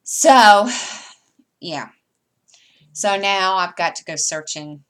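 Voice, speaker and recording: A woman's voice: mid-range voice, animated, slow. A middle-aged woman with a Southern American accent, chatting casually in a rambling way while she sorts her embroidery floss for a crafting vlog. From United States. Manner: rambling, chatty, often trailing off with fillers. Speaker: cross-stitch vlogger.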